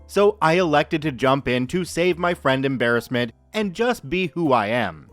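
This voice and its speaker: A man hosting a story podcast, reading listener posts aloud in a lively, expressive way. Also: medium pitch, moderate pace, hardly any pauses, dry recording, faint music behind. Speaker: podcast host reading stories. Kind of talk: narrating Reddit stories.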